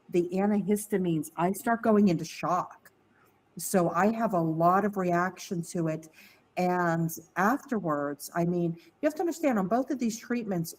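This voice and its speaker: A woman's voice: on the low side, low-quality recording. Candid woman telling a personal story. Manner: candid, animated, mimics voices in quotes. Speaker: podcast guest. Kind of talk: casual storytelling.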